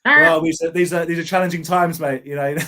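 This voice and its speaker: A man's voice: on the high side, fairly even intonation, a little fast, sharp tone. A man hosting a live podcast, joking and bantering in stop-start sentences. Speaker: podcast host. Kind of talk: casual chat on a live stream.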